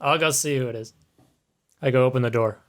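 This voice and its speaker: A man's voice: medium pitch, fairly quick. A man playing a tabletop game, easygoing and chuckling. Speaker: player.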